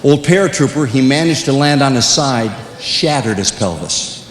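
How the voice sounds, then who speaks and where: An older man telling comic stories to young people, swinging between loud punchlines and hushed, earnest moments. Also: lively intonation, normal speed. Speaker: speaker at a youth conference. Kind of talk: comedic storytelling. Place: large hall. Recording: echoey hall with faint rumble.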